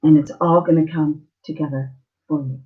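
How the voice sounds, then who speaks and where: A woman's voice: low-pitched, fairly even intonation, normal speed, phone-quality sound. A woman giving a live online tarot reading, earnest and emotional, often checking in with the listener. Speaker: tarot reader.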